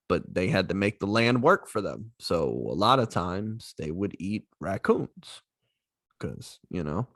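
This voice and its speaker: Cajun guy from louisiana chatting on a podcast call, lively swingy voice, laughs a lot. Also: fairly low pitch. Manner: animated, laughs easily, storytelling asides. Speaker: podcast co-host. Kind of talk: casual chat. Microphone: video call.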